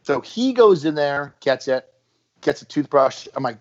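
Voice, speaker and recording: Guy on a podcast telling a story, kinda high voice, acts out the quotes, muffled audio. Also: lively intonation, moderate pace. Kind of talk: casual podcast chat.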